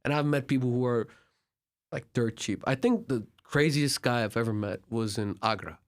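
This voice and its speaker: A man's voice: mid-range voice, moderate pace. A young man from Turkey, a podcast guest, tells travel stories casually and acts out the conversations with lots of filler words. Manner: animated, filler-heavy, acts out dialogue. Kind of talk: casual storytelling.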